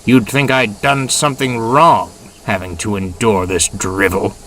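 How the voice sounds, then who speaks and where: A man voicing a pompous, sneering male diesel engine who talks in a haughty, smug, flattering way. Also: fairly low pitch, measured pace, far from the mic, slight background noise. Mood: sulky.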